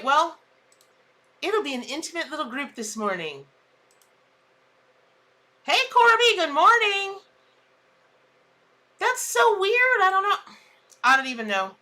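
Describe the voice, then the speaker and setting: Chatty woman with a very bright voice. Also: very high voice, sing-song, takes it slowly, pauses often. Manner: chatty, exclamatory, laughs at her own jokes. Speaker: tarot reader. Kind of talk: casual live-stream chat.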